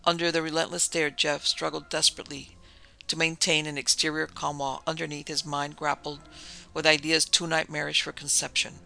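A man narrating a thriller in a measured, dramatic reading. His voice is strongly gravelly and bright with a tense edge, pitched a little high for a man. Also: level tone. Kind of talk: scripted narration of a thriller story.

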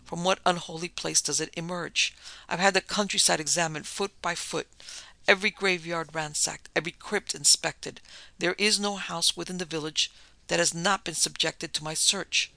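A man voicing a weary, despairing older man in a dark story reading, speaking low and heavily over faint music. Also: fairly even intonation, moderate pace, creaky, no room sound, exaggerated voice.

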